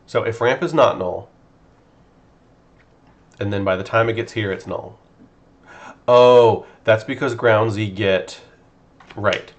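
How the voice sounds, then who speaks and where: A man's voice: fairly low pitch, slow pace, long pauses. A man streaming game development, talking casually and muttering to himself as he debugs code. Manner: muttering to himself while debugging, thinking aloud. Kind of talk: casual live-stream chat while coding.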